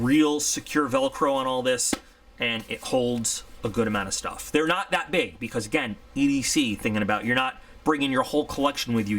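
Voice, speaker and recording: A man's voice: mid-range voice, vocal fry, fairly bright tone. A man giving a casual, rambling unboxing review, chatty and candid. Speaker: product reviewer.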